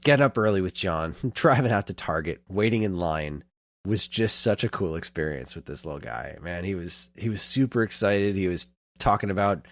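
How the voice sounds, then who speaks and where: A man in his thirties co-hosting a podcast, telling a long story in casual chat and getting animated as he retells it. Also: deep voice, normal speed. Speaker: podcast co-host.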